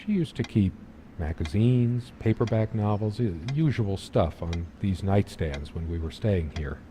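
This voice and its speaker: A man voicing a brooding middle-aged husband who recalls his wife in a wistful, slow inner monologue, from a game. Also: lowish voice, animated, a little hiss or hum. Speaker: game protagonist narrator. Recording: game audio with loud music.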